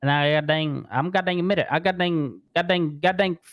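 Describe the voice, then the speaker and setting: A man's voice: fairly high pitch, a little fast, a bit bright, no echo, studio quality. A man voicing a rattled male crime witness in a role-play game, who stuffs the same curse word into nearly every phrase while giving a statement.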